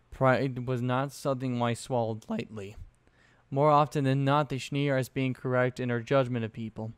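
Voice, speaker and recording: A young man reads a fan story aloud in a casual, offhand way, breaking off for sweary asides. His voice is mid-pitched and even. The recording is close and dry. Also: clean tone, no room sound. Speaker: fanfiction narrator.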